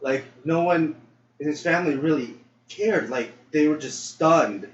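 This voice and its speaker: A man's voice: a little high, unhurried. A young man co-hosting a podcast, telling a story casually, acting out quotes and laughing often. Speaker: podcast co-host. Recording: roomy, distant, dull lo-fi mic with faint noise.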